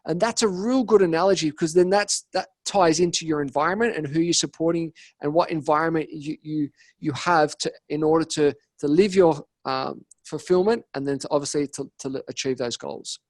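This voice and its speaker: A man's voice: fairly high pitch, brisk, no echo. An Australian man, a podcast guest, talking casually and telling stories with energy, acting out the voices of the people he quotes. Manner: energetic storytelling, acts out quoted dialogue. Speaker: podcast guest, business coach. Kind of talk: casual interview talk.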